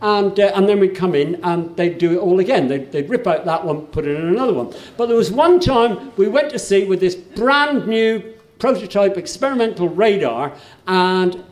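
A man's voice: sits high, lively intonation, moderate pace, reverberant. An older man telling a humorous story on stage between songs, chatty and wry, often restarting his sentences. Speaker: folk singer and storyteller. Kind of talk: live on-stage song introduction.

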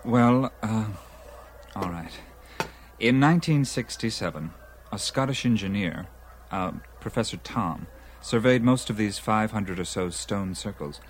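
A man's voice: fairly low pitch, expressive, measured pace, slight background noise, rough recording. A man playing an eager dinner guest who lectures at length about ancient mysteries, often between bites of food. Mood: lecturing. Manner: eager lecturing, talks while eating. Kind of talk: film dialogue.

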